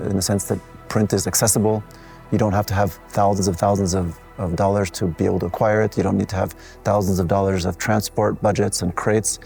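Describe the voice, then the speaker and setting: A man who is an artist presenting his collective's exhibition, walking listeners through the works in a measured, explanatory way with occasional restarts. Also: fairly low pitch, creaky, darkish tone. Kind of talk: gallery walkthrough talk. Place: art gallery.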